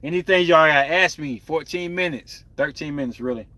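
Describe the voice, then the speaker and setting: A young man hosts a casual live chat. He talks candidly and rambles to his viewers. His voice is bright and sits a little high. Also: fairly quick. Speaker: podcast host.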